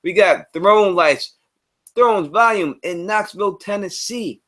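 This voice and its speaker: A man hosting a casual live stream, talking loosely in slang and repeating himself, his voice swinging between loud and quiet. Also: high-pitched, slow pace. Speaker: livestream host.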